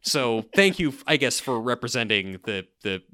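Man, podcast co-host, casual chat, jokey, smooth resonant voice, animated delivery. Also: medium pitch, normal speed.

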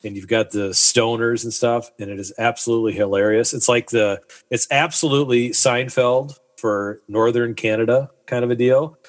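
A man's voice: medium pitch, fairly even intonation, normal speed, hardly any pauses. A man co-hosting a podcast in casual chat, enthusiastically recommending something and piling on praise. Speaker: podcast co-host.

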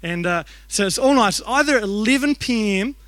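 A man, a youth and kids pastor telling stories in a sermon with animated, joking delivery. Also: sits high, moderate pace, no room sound. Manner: animated, jokey storytelling with acted-out voices. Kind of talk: storytelling sermon.

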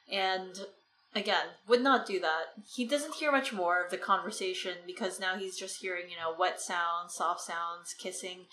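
Retelling the book's story on a casual discussion podcast, this co-host keeps saying "like" and "right" as she chats. Her voice is medium-pitched, pushed and bright. Faint noise and echo come through from the room.

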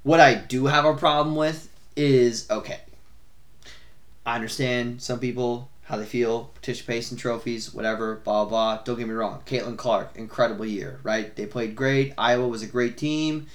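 A young adult man co-hosting a podcast, chatting casually about sports in a rambling, swearing, animated way. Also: medium pitch, normal speed. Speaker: podcast co-host.

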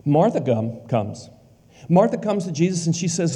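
A man preaching a sermon with emphasis. He repeats lines for weight and drops to a hush on key words. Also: a little high, lively intonation, normal speed, slightly rough. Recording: long hall reverb.

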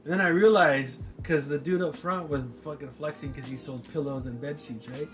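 A man in his forties telling a story in casual chat, profane and animated, often checking in with "right?". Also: a little high, moderate pace, faint music behind.

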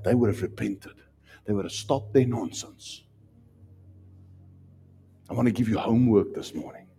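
Man, South African accent, pastor preaching, mellow tone, faint music behind. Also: on the low side, husky. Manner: emphatic, repetitive preaching with sudden loud rises. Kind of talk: sermon.

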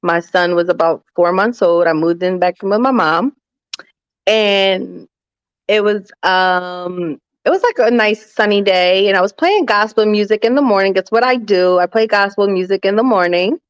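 A woman's voice: mid-range voice, moderate pace, smooth, no echo. A woman in her thirties from New Jersey, a former radio host, talking earnestly as an interview guest. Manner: earnest, laughs often. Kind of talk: casual interview chat.

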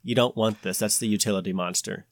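Male podcast host, low voice, dry sound; chatty, restless, restarts his sentences. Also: fast, creaky, dry recording. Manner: rambling, animated, many restarts and "like" fillers. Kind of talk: casual podcast chat.

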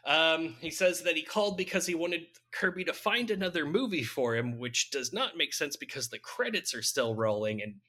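Bright-voiced man recapping a film. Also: a little high, lively intonation, moderate pace, few pauses. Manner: laughs often while recapping, dry jokes. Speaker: podcast host recapping a film. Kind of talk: casual chat.

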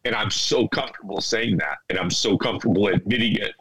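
A man talking through tears to his former teammates, stumbling and repeating words as emotion rushes in. His voice sits a little low, and the delivery is raw and heartfelt rather than polished. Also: a bit bright, slightly rough, no echo, rough recording. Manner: choked up, halting, repeats himself. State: tearful.

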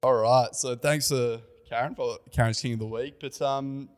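A man's voice: medium pitch, steady tone, moderate pace, big-room sound. Australian man introducing podcast segments. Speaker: podcast co-host. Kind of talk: casual chat.

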